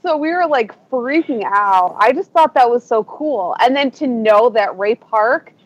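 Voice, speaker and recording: A woman on a fan podcast, talking excitedly and gushing, with lots of "like.". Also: a little high, unhurried, dry recording, dull audio. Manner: excited, gushing, many likes. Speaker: podcast panelist. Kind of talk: casual fan discussion.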